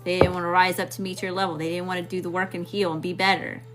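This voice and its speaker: A woman's voice: lowish voice, little pitch movement, fast talker, heavy background noise. Blunt Southern woman reading tarot. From Mississippi, US. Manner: blunt, slangy, talks straight to viewers. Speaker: tarot reader.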